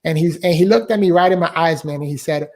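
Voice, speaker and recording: A man with a fairly high voice tells a personal story as a guest on a live online interview. He talks in a heartfelt way, repeats his phrases and keeps addressing the listener as "man". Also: fast, a little mellow. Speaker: guest author and speaker. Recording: live online talk show.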